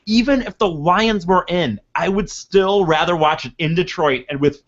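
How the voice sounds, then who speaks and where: A man's voice: sits high, moderate pace, dull audio. Stammering, eager male podcast guest. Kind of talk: casual chat.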